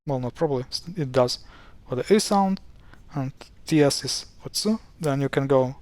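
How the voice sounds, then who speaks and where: A man's voice: mid-range voice, animated, normal speed, a little mellow, dry recording. Hesitant man explaining pronunciation. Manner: hesitant, many fillers and self-corrections. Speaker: language teacher. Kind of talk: casual explanatory lesson.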